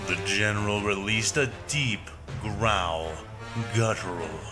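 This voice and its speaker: A man reading a scripted story in a measured, dramatic narration. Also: lowish voice. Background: music.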